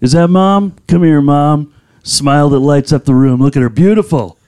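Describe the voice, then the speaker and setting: A man's voice: a little high, normal speed, a little mellow, clean tone, natural voice. A man doing an impression of a folksy, doting older male politician fussing over someone.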